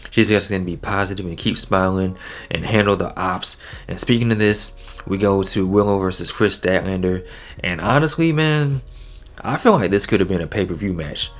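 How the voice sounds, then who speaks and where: Man, deep voice, casual wrestling review, slangy, animated. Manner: laid-back slangy talk, animated swings in pitch. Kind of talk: casual solo review recap.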